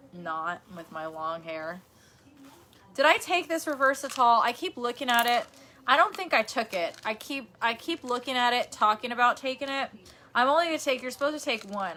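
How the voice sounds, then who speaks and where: A New York woman streams from her bedroom, reading out comments, rambling and laughing often in casual chat. Her medium-pitched voice sounds pushed and bright.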